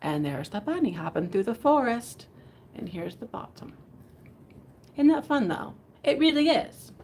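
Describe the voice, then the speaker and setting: A woman's voice: a little high, very animated, unhurried, vocal fry, a little mellow. Chatty woman hosting a live sale. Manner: chatty, giggly, rambling. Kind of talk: casual live selling chat. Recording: faint background noise.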